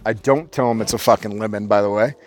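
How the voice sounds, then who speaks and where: A man from Orange County, California, telling a profane story as a podcast guest in a casual, animated way. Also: fairly low pitch, fast talker, slight background noise.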